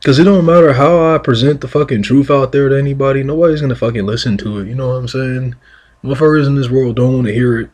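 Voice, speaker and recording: A man in a mid-pitched voice with a husky, breathy grain, swearing heavily through an emphatic solo rant. He pushes hard on his points, speaking into a single mic. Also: fast, a little mellow. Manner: emphatic, profane, heated. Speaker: vlogger. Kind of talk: profane monologue rant.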